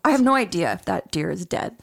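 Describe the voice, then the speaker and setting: A woman co-hosting a podcast, telling stories in casual chat in an expressive way, often laughing. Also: lowish voice, quick pace, gravelly. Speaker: podcast co-host.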